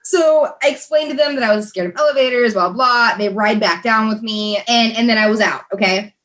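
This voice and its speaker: Talking fairly quickly in a slightly high, fairly bright voice, this young woman from the USA shares a story as a podcast guest. The chat is casual, with lots of laughter, fillers, and restarts.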